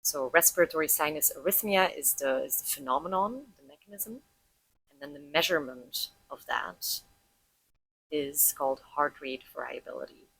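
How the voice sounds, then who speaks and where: A woman teaching about heart rate and breath, calmly explaining and guiding listeners through a breathing practice step by step. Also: deep voice, normal speed, creaky, slightly rough, low-quality recording. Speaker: breathwork instructor.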